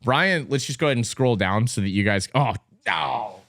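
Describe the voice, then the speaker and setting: A man's voice: medium pitch, expressive, normal speed, creaky, few pauses, a bit bright, no room sound, studio quality. A young man from Texas, an ex-swimmer, casually reacting and teasing as he reads out numbers, with frequent exclamations and laughter. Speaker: vlogger and former competitive swimmer. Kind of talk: casual commentary, reacting on screen.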